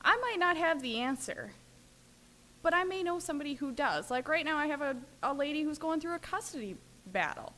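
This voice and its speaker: Woman, Minnesota, recovery workshop speaker, chatty storyteller, fairly high voice. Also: animated, brisk, sharp tone. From Minnesota, USA. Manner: chatty storyteller, many fillers. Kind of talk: recovery talk, personal sharing.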